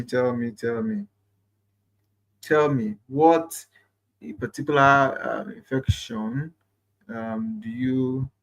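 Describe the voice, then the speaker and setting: A man's voice: mid-range voice, low-quality recording. A man hosting a live online nursing quiz, reading questions aloud, repeating phrases and chatting with viewers. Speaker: nurse quiz host.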